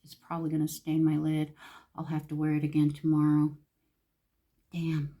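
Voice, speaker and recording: A woman's voice: deep voice, completely flat delivery, normal speed, dark tone. Gushing woman chatting through makeup. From Los Angeles, California. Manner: gushing, talks to herself while applying makeup. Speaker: beauty vlogger. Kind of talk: casual makeup tutorial chat.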